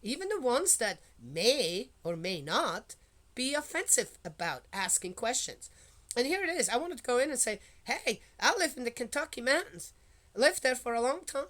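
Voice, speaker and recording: A woman's voice: fairly high pitch, very animated, fairly bright tone. Chatty woman rambling then reading scripture. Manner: rambling, checks in with listeners; reads scripture slowly and steadily. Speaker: Bible reading vlogger. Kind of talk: casual chat and Bible reading.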